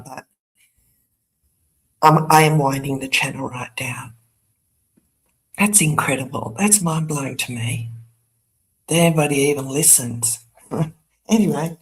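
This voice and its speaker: An older woman, hosting her own channel in a casual, rambling chat, laughing often and tossing in sarcastic asides. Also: low-pitched. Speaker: YouTube channel host.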